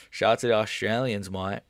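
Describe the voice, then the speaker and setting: Gravelly, low-voiced man streaming live. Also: fairly even intonation, measured pace, dry recording, clean studio sound. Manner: profane, rambling, talks straight to chat. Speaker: MMA livestreamer. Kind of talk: casual livestream chat reacting to viewers.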